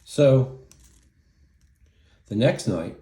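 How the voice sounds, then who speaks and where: A man's voice: mid-range voice, animated, very slow, mellow. A middle-aged man telling a story in a casual vlog, indignant and profane, rambling with lots of fillers. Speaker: vlogger. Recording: echoey room.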